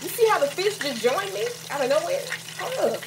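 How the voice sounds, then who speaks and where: A woman's voice: high-pitched, big pitch swings, a little fast, few pauses. A woman chatting casually to her viewers while she cooks in her home kitchen, filmed on a phone. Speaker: vlogger. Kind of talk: casual late-night cooking vlog. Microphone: phone camera. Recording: phone audio with loud frying noise. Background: sizzling frying oil and running tap.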